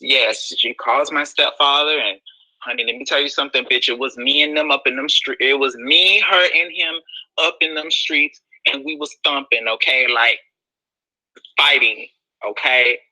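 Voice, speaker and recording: A young man telling a personal story in a casual, sassy, expressive way, full of slang. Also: mid-range voice, moderate pace, poor audio.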